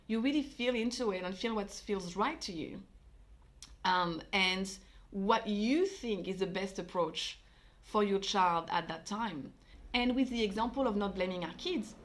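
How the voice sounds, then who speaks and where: A woman hosting a parenting vlog, talking through her views in a thoughtful, conversational way with frequent fillers. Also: mid-range voice. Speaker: parenting channel host. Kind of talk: reflective commentary vlog.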